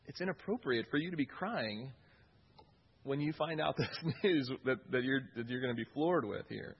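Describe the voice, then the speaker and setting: Male preacher, husky voice, earnest and repetitive delivery, slightly dull lo-fi recording. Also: mid-range voice, expressive, moderate pace. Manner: earnest, repeats key phrases for emphasis. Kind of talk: sermon.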